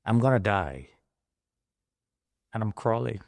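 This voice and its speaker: A man's voice: on the low side, expressive, slow, gravelly, a little mellow, dry recording. A middle-aged man telling his own survival story in an emotional, dramatic way, rising into pleading outbursts. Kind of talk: personal testimony.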